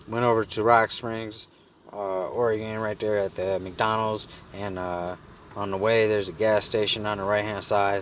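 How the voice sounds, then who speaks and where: A man with a low voice spins a casual, animated story, swearing freely and acting out the people he met. He sits away from the mic, with faint background noise behind him. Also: far from the mic. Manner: animated, profane, acts out the people in his story. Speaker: vlogger telling a story.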